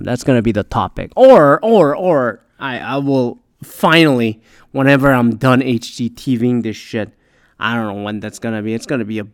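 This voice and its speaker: A man's voice: mid-range voice, clear, resonant tone, dry recording, clean studio sound. A man hosting a solo podcast in a profane, rambling, exasperated rant, sounding tired. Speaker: podcast host.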